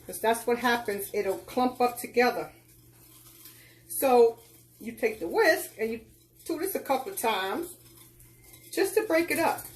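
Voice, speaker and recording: A woman's voice: a little high, lively intonation, unhurried, pauses often. A woman hosting a live cooking tutorial, giving folksy, instructive directions and calling her viewers child and girl. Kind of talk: casual live cooking demonstration.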